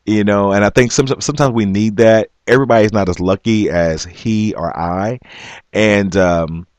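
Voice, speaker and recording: Man, very low voice, dry close sound, halting earnest storytelling. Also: dry recording. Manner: halting, with frequent restarts; earnest and emphatic. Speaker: vlogger. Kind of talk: personal storytelling.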